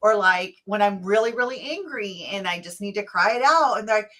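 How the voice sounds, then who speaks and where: A woman's voice: mid-range voice, brisk. Chatty woman podcast host. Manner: chatty and animated, acts out quotes. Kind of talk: casual interview chat.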